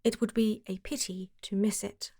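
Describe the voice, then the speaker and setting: A woman reading the part of a self-assured male detective, brisk and dry. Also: mid-range voice, level tone, a little mellow, slightly rough, dry recording. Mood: brisk, amused.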